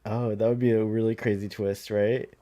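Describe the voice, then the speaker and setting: A man's voice: lowish voice, little pitch movement, normal speed, dark tone. A man chatting casually and joking while watching a movie with a friend. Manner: joking, laughs often. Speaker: co-host. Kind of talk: casual watch-along chat.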